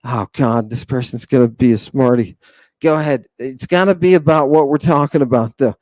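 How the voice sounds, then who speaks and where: A man's voice: medium pitch, moderate pace, a little mellow, no echo. A man teaching a jokey livestream lesson, theatrical and playful, calling out to his viewers. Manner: theatrical, joking, addresses viewers as people. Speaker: online language teacher.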